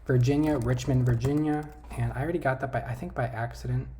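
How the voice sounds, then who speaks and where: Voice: medium pitch, fairly even intonation, fast talker, mellow, slight background noise. Rambling vlogger thinking aloud at a computer. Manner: thinking aloud, trailing off, self-correcting. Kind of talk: casual talk over a map quiz game.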